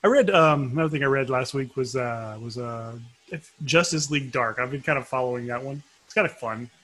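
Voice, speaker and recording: A man's voice: mid-range voice, brisk, a bit bright. A middle-aged man co-hosting a podcast in casual chat, rambling and chuckling as he goes. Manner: rambling, chuckling, self-interrupting. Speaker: podcast co-host.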